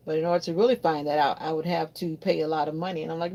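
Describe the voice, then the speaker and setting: Woman, casual vlog chat, rambling and talkative, lowish voice, faint background hiss. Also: steady tone, rapid-fire, mellow. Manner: chatty, rambling, talks to viewers. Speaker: vlogger. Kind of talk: casual chat while doing chores. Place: home in Florida.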